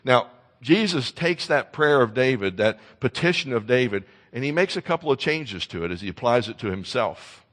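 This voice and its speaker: Earnest male preacher, loud and hushed. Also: mid-range voice, lively intonation, normal speed, in a large hall. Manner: earnest, swings from loud emphasis to soft intensity; repeats words when starting sentences. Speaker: pastor. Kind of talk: sermon.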